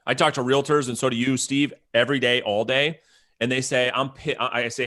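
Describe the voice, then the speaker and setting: A man's voice: mid-range voice, fairly even intonation, a little fast, bright, forceful tone. A man hosting a live audio-room mastermind, coaching his listeners with emphatic, persuasive urgency. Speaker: host.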